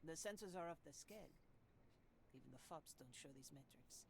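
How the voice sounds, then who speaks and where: A woman's voice: deep voice, animated, normal speed, creaky, a little hiss or hum. A woman voicing a stern female project director, firm and dryly sarcastic, reading game dialogue aloud. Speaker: voice reader.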